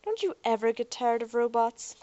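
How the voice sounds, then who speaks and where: A woman reading the part of a moody, sharp-tongued young woman in an audiobook, teasing and sarcastic. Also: a little high, animated, normal speed, no echo, dull audio, pitched above the performer's own voice, natural voice.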